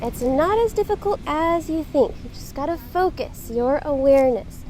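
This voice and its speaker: A woman's voice: high-pitched, lively intonation, moderate pace, a little mellow, slight background noise. A woman, a yoga instructor live-streaming from the beach, chatty and welcoming as she greets her viewers. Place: outdoors on a beach.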